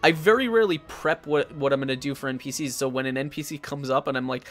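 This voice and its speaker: A man's voice: medium pitch, fast talker, a bit bright. A man hosting a live tabletop chat stream as the dungeon master, talking in rambling bursts with many restarts.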